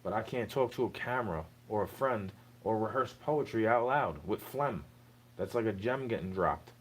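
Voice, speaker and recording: Addressing the listener directly, a young man goes on a rambling, unscripted rant full of grievance and constant "bro." His lowish voice is animated and moderately paced. The recording quality is poor, with a little hiss or hum.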